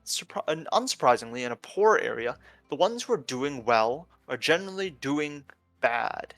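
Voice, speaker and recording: A man narrating a tabletop game as game master, halting with many fillers and restarts. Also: medium pitch, a bit bright, dry recording.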